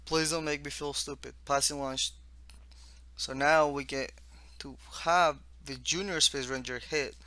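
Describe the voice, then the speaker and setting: A man from the East Coast of the United States casually walks through his own text game, reading the on-screen text haltingly with restarts and asides. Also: a little high, steady tone, bright, forceful tone, dry recording.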